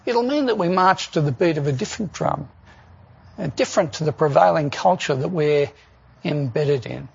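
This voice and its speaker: Gravelly-voiced man preaching a sermon. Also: on the high side, normal speed, dull audio. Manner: earnest, with rhetorical questions.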